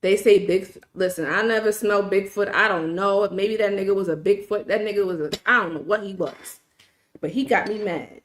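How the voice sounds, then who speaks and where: A woman's voice: medium pitch, normal speed. A woman from New York City with a New York accent, hosting a livestream and telling a story in a casual, profane, emphatic way while reading and answering her chat. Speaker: livestream host.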